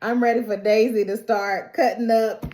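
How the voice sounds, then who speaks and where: A woman hosting a TV reaction channel, recapping an episode in casual, animated, emphatic storytelling. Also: fairly high pitch, moderate pace. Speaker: TV reaction host. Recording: roomy echo.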